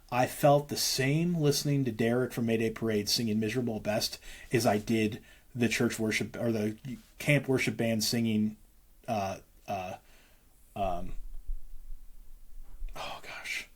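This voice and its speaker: A worship leader with a lowish voice appears as an interview guest, talking casually, rambling fast and breaking into lines of hymns.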